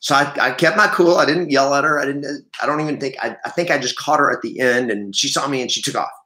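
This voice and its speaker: A man's voice: mid-range voice, fast talker, sharp tone, roomy sound, slight background noise. A man hosting a casual morning live stream from his home training room, rambling and correcting himself as he greets viewers by name. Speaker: livestream host and real estate trainer.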